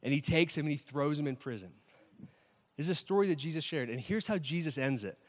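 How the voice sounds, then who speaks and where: A man's voice: on the high side, quick pace, big-room sound. A man preaching a sermon as pastor, telling stories with energy and putting questions to the congregation. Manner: animated storytelling, asks the crowd questions.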